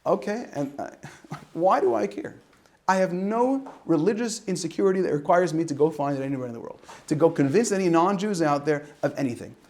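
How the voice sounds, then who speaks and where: Animated rabbi with a lively high voice. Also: male voice, brisk. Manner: animated storytelling with acted-out dialogue and asides; mixes in Yiddish and Hebrew words. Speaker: rabbi teaching high school students. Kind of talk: informal Torah talk.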